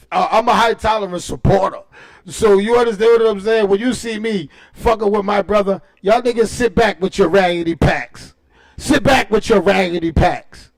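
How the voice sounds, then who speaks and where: A man chats on his livestream in a high voice with a gravelly fry. He fires off shout-outs and boisterous, profane trash talk in street slang. He keeps tossing in "you know what I'm saying.". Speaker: livestream host. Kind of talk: casual livestream chat.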